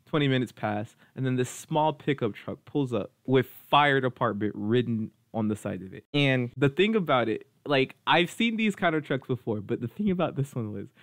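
A young man spins a funny personal story in a relaxed, slangy way, tossing in bro and dude as he goes. His delivery is animated, and he sits in an average register. The recording is dry, with almost no room sound. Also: mid-range voice, normal speed, few pauses, no room sound. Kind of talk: casual storytime.

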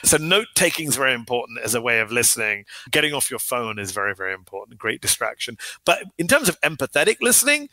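A man speaking as an author and guest in a podcast interview, talking fast and emphatically with an argumentative drive. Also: mid-range voice, very animated, sharp tone, dry recording.

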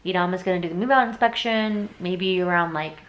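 Her lowish voice moves fairly fast as this young woman, teary and chatty, vlogs from home at night and keeps saying "like." The recording is rough and loud noise runs underneath.

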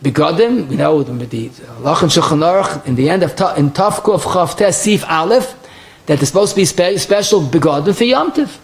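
A rabbi in the middle of a halacha class talks. He moves quickly from one source to the next, stumbling and restarting as he goes. His speech is full of Hebrew and Yiddish terms. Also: a little high, lively intonation. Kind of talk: Torah lecture.

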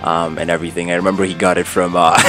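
A man hosting an excited unboxing vlog, gushing over each item, tacking "man" onto his lines and stammering when thrilled. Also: deep voice, fast, soft background music. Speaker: unboxing channel host.

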